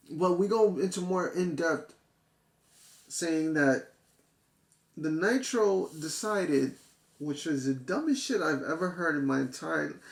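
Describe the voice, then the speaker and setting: In a roomy-sounding recording, a man with a slightly high voice talks through a manga chapter casually and profanely. He gets excited, restarts often, and fills gaps with fillers.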